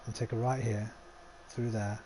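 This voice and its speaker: A man's voice: fairly low pitch, level tone, moderate pace, dark tone, slight background noise. A man giving casual let's-play commentary, talking to himself and swearing freely. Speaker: gaming livestreamer.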